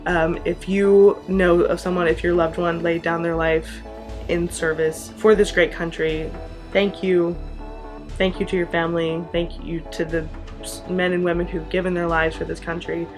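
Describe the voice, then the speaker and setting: A young American woman talks straight to camera as the host of her own channel, chatty and earnest, tossing in quick asides. Her voice sits a little low for a woman. Faint music plays underneath. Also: little pitch movement, darkish tone. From United States. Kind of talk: casual vlog talk to camera.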